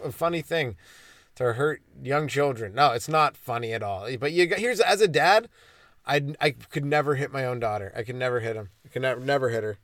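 Rambling comedian, dry sound. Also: male voice, medium pitch, lively intonation, moderate pace, fairly bright tone, no echo. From Ontario, Canada. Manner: meandering, self-interrupting, crude and ironic. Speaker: comedian podcast host.

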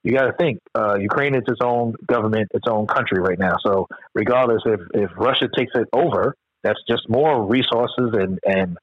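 An American man co-hosting a podcast, chatting casually, animated and slangy with lots of swearing. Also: fairly low pitch, moderate pace, few pauses, dry recording. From United States. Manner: animated, profane, slangy storytelling. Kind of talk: casual chat. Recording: dull, dry, lo-fi sound.

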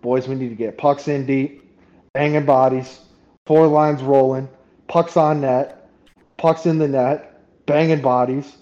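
A gruff wrestler-turned-hockey-coach barks his orders over and over in a rough Southern drawl, as a man puts him on. The sound is a bit dull and lo-fi. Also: mid-range voice, fairly even intonation, measured pace, warm tone, close to an everyday voice. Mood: barking orders. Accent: attempted Southern US. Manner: barking, repetitive coaching chant.

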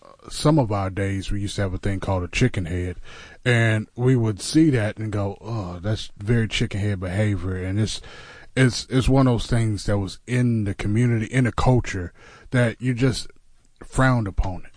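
A man hosts a casual talk show in a fairly low voice, dropping fillers as he goes. He jokes easily with his guests. The sound is dry and close. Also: normal speed, no room sound. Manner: relaxed, joking, hesitant with many fillers. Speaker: podcast host. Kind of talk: casual chat.

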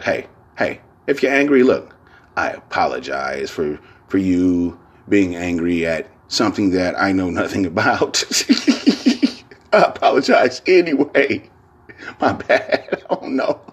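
A man hosting his own podcast, talking in a loose, rambling, profane monologue full of slang, repeating filler phrases and laughing often. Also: sits low. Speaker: podcast host. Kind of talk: casual solo podcast monologue.

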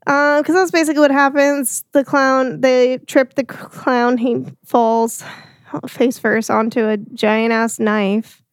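A woman's voice: high voice, level tone, slow, dry recording, clean studio sound. A young woman co-hosting a movie podcast in casual, chatty talk full of likes and ums. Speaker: podcast co-host.

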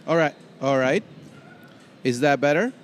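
A man with a slightly high, animated voice speaks unhurriedly over a little hiss or hum. He co-hosts a casual podcast chat and works as a professional interpreter, telling rambling stories and joking around.

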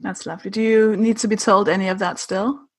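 A woman's voice: medium pitch, fairly even intonation, a little fast, slightly rough, no room sound. A woman hosting a podcast, chatting casually and setting up her questions with playful storytelling. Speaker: podcast host. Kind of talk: casual interview chat.

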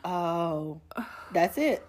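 A chatty woman hosts her podcast. Her pitch swings lively from line to line, and she laughs often and reads aloud playfully. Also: extremely slow, slight background noise. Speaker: podcast host. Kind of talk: casual chat.

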